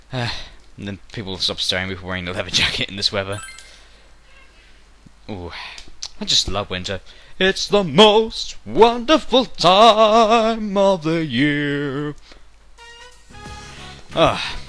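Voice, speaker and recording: Young guy rambling over a game at home, bright forceful voice, bit of music under it. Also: low voice. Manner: rambling, jokey, breaks into silly voices and snatches of song. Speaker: let's play commentator. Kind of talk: casual game commentary. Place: bedroom at home.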